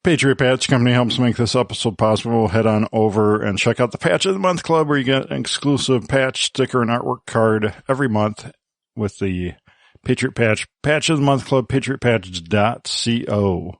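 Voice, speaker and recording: Guy hosting a podcast panel, quick on the ad reads, jokey, dry close sound, mid pitch. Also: dry recording. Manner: brisk, joking, reads ad copy quickly. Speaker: podcast host. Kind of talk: casual panel chat.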